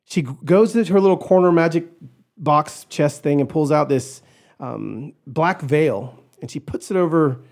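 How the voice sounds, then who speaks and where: A man tells a personal story as a podcast guest, animated and expressive, slipping into the voices of the people in it. His voice sits a little high but sounds mellow and warm. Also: a little slow. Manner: animated, acts out quoted voices, shouts in retelling.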